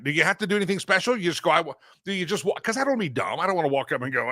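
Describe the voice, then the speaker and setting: Male talk-show host, bright slightly high voice, rambling playful studio monologue. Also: lively intonation, racing, dry recording. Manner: rambling, self-interrupting, playful. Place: broadcast studio. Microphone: studio microphone.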